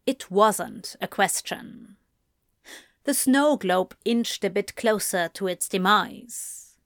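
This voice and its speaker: A woman reading a story aloud in a slow, deliberate way. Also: medium pitch, fairly bright tone, no echo, studio quality. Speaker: reader. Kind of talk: fan fiction reading.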